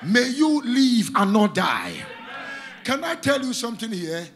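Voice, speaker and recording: A man preaching a sermon, calling out to the congregation and rising into shouted, sing-song lines. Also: extremely high pitch, big pitch swings, unhurried, a little hiss or hum.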